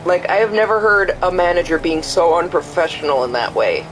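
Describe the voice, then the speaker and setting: A man's voice: fairly high pitch, lively intonation, a little fast, fairly bright tone, a little hiss or hum, low-quality recording. A young man streaming a game, chatting casually and rambling, swearing a lot and acting out both sides of conversations. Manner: rambling, profane, acts out quoted exchanges. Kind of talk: casual chat while gaming.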